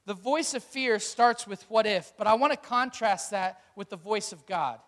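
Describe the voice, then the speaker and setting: A man's voice: sits high, normal speed, fairly bright tone, big-room sound. A male pastor preaching a sermon, emphatic, with repeated rhetorical questions.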